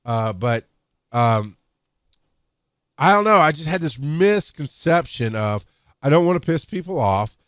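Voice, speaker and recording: A man's voice: fairly high pitch, sing-song, measured pace, pauses often, a bit bright, no room sound, clean studio sound. A middle-aged man, an EMS instructor telling rambling work stories into a podcast microphone, with many restarts. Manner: rambling, with restarts and acted-out quotes. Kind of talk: casual storytelling talk.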